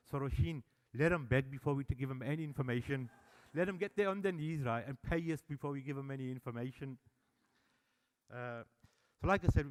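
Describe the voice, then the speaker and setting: Animated man telling stories. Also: medium pitch. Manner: animated storyteller, acts out dialogue. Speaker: service user speaker at annual meeting. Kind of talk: public speech telling stories. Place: meeting hall.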